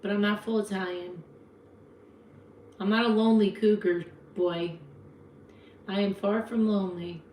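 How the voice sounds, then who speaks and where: A woman's voice: mid-range voice, steady tone, a little slow, pauses often, a little mellow. A chatty woman in her fifties with a New Jersey accent talks unhurriedly to her live viewers. Her voice rings in an echoey room with a faint hiss behind it. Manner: chatty, frank, talks back to viewer comments. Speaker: livestream host. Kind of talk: casual live chat reading comments.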